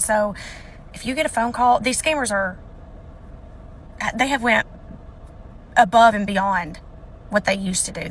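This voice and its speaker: Animated woman telling a scam story. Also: medium pitch. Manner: animated, acts out the call in quoted voices. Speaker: scam call victim. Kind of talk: casual storytelling to camera.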